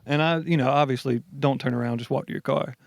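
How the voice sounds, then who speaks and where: A man co-hosting a podcast, telling a story in casual chat, animated and swearing freely. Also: mid-range voice, fast talker, gravelly, no room sound, studio quality. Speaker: podcast co-host.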